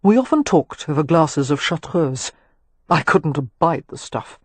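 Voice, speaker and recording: An audiobook reader voicing a charming, self-assured young nobleman with wry, teasing talk, husky in tone. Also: mid-range voice, very animated, a little slow, no echo. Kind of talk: audiobook character reading.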